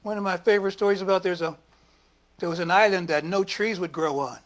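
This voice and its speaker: A man preaching a sermon as minister, lively and talking back and forth with the congregation. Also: high voice, a little fast. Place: church service.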